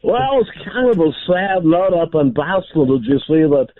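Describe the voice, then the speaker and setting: A man's voice: fairly high pitch, sing-song, moderate pace. A man calling in to a radio talk show, wisecracking and laughing at his own jokes. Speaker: caller. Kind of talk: joking phone call to radio show. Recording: muffled phone line.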